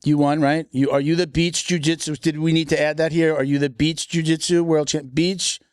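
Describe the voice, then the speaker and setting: A man's voice: on the high side, level tone, normal speed, smooth, dry recording, studio quality. A man hosting a podcast, chatting casually and joking, often restarting his sentences. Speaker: podcast host.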